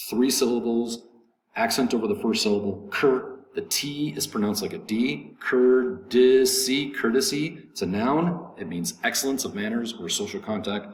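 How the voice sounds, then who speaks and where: A man with a fairly low voice leads a vocabulary lesson. He says each word several times, names its stressed syllable and fills the gaps with "um" and "uh". The recording has a roomy echo and faint background noise. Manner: slow, repetitive pronunciation drilling with fillers. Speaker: English teacher.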